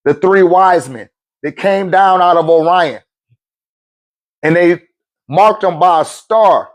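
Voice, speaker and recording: Slow and high-voiced, a middle-aged spiritual talk show host relaxes into a slangy storytelling monologue. He chuckles often and acts out the voices of the people he quotes.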